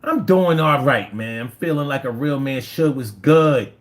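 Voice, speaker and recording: With a Philly accent, a man in his 50s hosts a relaxed livestream, reading chat and telling animated, profane, slang-filled stories at a medium pitch and an unhurried pace.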